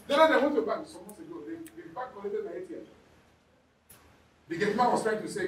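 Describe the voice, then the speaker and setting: Animated preacher in an echoey church. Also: male voice, quick pace, recorded from a distance, a little hiss or hum. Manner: animated preaching with swings from loud calls to low asides. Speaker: pastor. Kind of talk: sermon. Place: large church hall.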